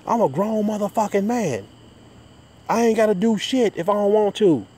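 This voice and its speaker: A high, squeaky voice of an indignant grown man, put on by a man. He is defiant and profane, swearing that he owes nobody anything. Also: normal speed, mellow, breathy edge.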